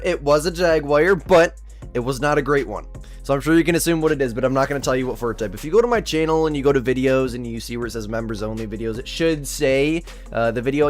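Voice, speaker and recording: A young man chatting casually on a live gaming stream, keeping his voice down and rambling as he thinks aloud. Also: a little high. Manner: holding his voice down to stay quiet.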